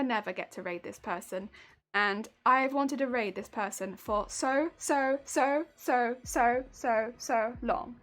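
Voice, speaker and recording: A woman with a high, light voice chats away on a live stream, rambling and circling back over her own words. Soft music plays faintly underneath. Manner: chatty and rambling, repeats words. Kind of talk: casual live-stream chat while crafting. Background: faint background music.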